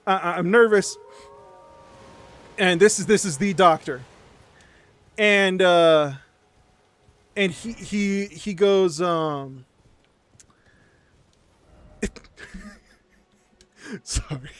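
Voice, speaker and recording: A man streamer telling a story in casual chat, animated and sarcastic, with frequent stammered restarts and swearing. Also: high-pitched, drawn-out words, long pauses.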